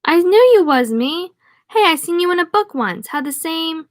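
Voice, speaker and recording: A woman voicing a big, drunk, friendly male lumberjack who talks loudly in broken, French-tinged English. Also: very high-pitched, lively intonation, normal speed, dry recording, clean studio sound, voice pushed up. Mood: boisterous. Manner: loud, boisterous, with broken French-tinged speech.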